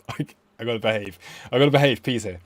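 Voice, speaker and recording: A man's voice: medium pitch, fast, no echo. A man hosting a live trading stream, chatting casually with frequent fillers and self-mocking asides.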